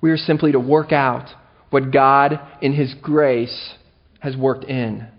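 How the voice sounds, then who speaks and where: Animated preacher man, lo-fi sermon. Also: mid-range voice, takes it slowly. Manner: animated, playful, self-mocking asides. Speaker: pastor. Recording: dull lo-fi recording.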